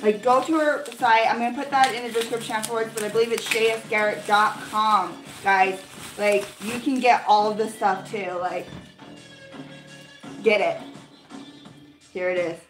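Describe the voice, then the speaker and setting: A young adult woman vlogger chatting casually through an unboxing, gushing and excitable, with lots of 'like' fillers. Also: medium pitch, moderate pace, long pauses. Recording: roomy echo with faint music.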